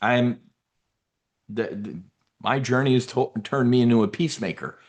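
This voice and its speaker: A man's voice: medium pitch, moderate pace. A man hosting a members' briefing, ranting about politics in a combative, profane way and mocking opponents in put-on voices. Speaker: trading newsletter host.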